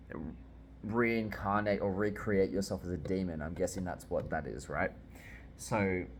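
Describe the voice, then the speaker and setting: A man with a deep, low voice talks through a manga chapter in a loose, casual reaction style. He gets worked up easily and swears freely as he reacts. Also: a little mellow, a little hiss or hum. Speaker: manga reviewer.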